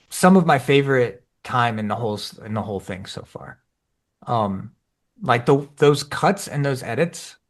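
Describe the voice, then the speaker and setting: A man co-hosting a podcast in casual chat, animated, jumping up in pitch when he acts out his own reactions. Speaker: podcast co-host.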